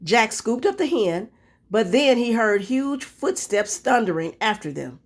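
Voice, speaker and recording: A woman teacher reading a storybook aloud and then talking through it, expressive and pausing to think aloud. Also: a little high.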